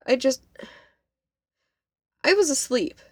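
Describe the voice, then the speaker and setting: A woman's voice: high voice, lively intonation, slow, dry recording, voice pushed up, full character voice. Devon, a woman doing a shaken college girl. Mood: spooked. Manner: shaken, insistent. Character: young female college student, anxious and rattled.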